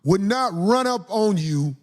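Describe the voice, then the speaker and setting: A man's voice: sits high, expressive, measured pace. A middle-aged man who grew up in city housing projects, telling stories from his youth in an emphatic, streetwise way. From Chicago housing projects. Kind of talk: storytelling commentary.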